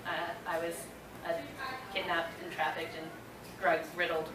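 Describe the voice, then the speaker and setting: A woman in her thirties with a slight twang, answering audience questions at a convention panel with lots of fillers and animated storytelling. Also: lowish voice, moderate pace, distant mic, background noise. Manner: chatty, many fillers, animated retelling. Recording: echoey room recorded from afar.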